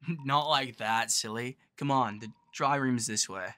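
A man's voice: mid-range voice, takes it slowly, pushed and bright. A man voicing a laid-back young male surfer-bro swimmer who talks in an easygoing, teasing way. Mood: breezy teasing.

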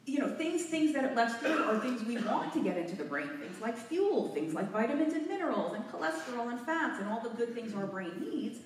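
A woman gives an animated talk to a live audience, out of breath and a little nervous, her pitch swinging widely. She is picked up from a distance in a very echoey hotel meeting room, with faint room ambience behind her. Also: slight background noise. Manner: animated, laughing, a bit nervous. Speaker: guest speaker. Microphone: handheld mic, recorded from far off.

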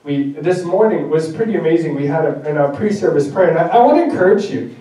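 This German pastor's sermon comes fast, in a mellow, fairly high and animated voice. He addresses the congregation directly and conversationally, with jokes at his own expense. It's captured in an echoey church sanctuary by a distant microphone.

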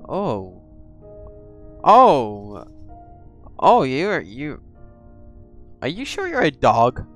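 Slow-talking jumpy man playing a horror game. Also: a little high, wildly swooping pitch, faint music behind. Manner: jumpy, swears, talks to game characters. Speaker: gaming channel host. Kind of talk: horror game let's-play commentary.

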